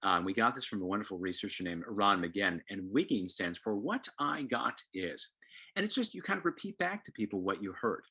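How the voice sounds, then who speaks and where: Animated, husky-voiced male presenter. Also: on the low side, fairly quick. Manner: animated, acts out quotes, repeats words. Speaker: co-presenter on parenting. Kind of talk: lively parenting talk.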